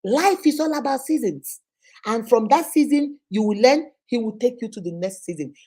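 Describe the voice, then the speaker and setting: A middle-aged Nigerian woman, a teacher and host, giving an animated, preachy motivational talk sprinkled with Igbo phrases. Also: fairly high pitch, normal speed.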